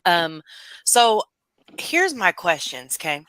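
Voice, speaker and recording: A woman's voice: lowish voice, sing-song, slow pace, fairly bright tone, no room sound. A woman talking emphatically on a livestream, asking rhetorical questions and repeating herself. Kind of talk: ranting livestream monologue.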